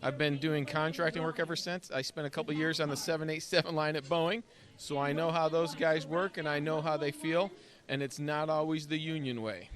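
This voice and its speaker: A man making a firm, assertive campaign pitch in an interview at an evening gala. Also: fairly even intonation, fairly quick, a crowd in the background. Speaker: political candidate.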